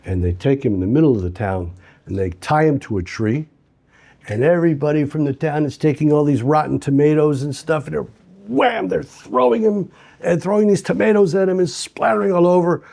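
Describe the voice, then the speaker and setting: A man teaching a lesson through an animated, conversational story. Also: on the high side, a little fast, gravelly.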